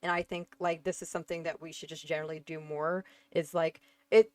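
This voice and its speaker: A young woman on a casual panel, speaking bluntly and swearing freely, with lots of "like" and "um". Her voice sits a little low, and the recording is dry and close. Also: little pitch movement, brisk, darkish tone, no room sound. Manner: blunt, emphatic, swears freely, many fillers.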